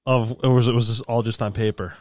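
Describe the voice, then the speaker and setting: Man, podcast co-host, fast talker, dry sound, wry questions. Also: medium pitch, flat delivery, darkish tone, dry recording. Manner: wry, quick interjections and questions. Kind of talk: casual chat.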